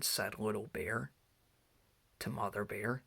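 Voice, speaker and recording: A man reading a children's storybook aloud, slowly and carefully. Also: on the low side, vocal fry, a bit bright, husky. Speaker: reader.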